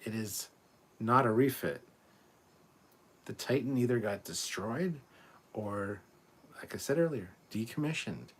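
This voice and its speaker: A man's voice: lowish voice, expressive, unhurried, darkish tone, slight background noise. A tired man hosting a late-night livestream, reading viewer comments aloud and answering them frankly, swearing freely. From Canada. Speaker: livestream host. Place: warm room at home.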